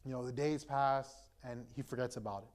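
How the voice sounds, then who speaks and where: A young man, an imam, retelling a story to a gathering in a relaxed, conversational way, full of fillers and restarts. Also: medium pitch, brisk, slight background noise. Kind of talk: casual storytelling talk.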